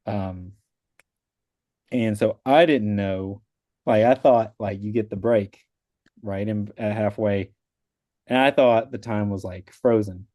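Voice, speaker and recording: On a video call, an adult man with a wife and young kids appears as a guest and casually recounts passing his exam, rambling, saying "like" constantly, and voicing the people he quotes. His voice is on the low side and mellow, and he speaks slowly with long pauses in a dry, studio-quality recording.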